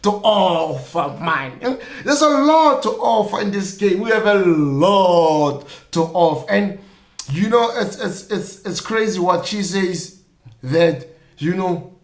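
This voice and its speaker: A man's voice: high voice, expressive, takes it slowly, reverberant. A South African man hosting a podcast, giving loose, opinionated commentary full of "you know what I mean" fillers. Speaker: podcast host.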